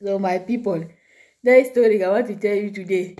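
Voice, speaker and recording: A woman's voice: medium pitch, normal speed, warm tone. A woman vlogger telling a story to her viewers in broken English, chatty and amused, laughing often.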